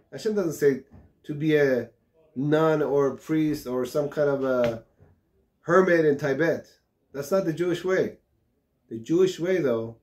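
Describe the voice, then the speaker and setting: A man preaches as a rabbi in an impassioned sermon, his voice sitting a little higher than most men's. He tells parables with acted-out dialogue and builds up to shouted high points.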